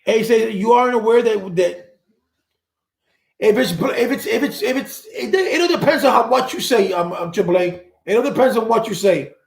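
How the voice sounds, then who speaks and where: Speaking at a normal pace in a high, creaky voice, this man runs a live stream where he reads viewers' comments and rambles on with his opinions. He frequently repeats words while searching for them, and the room echoes.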